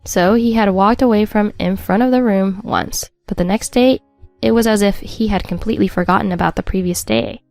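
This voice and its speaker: A woman's voice: mid-range voice, fairly quick, gravelly, darkish tone, dry recording, faint music behind. A woman narrating a first-person story in a wry, matter-of-fact scripted read.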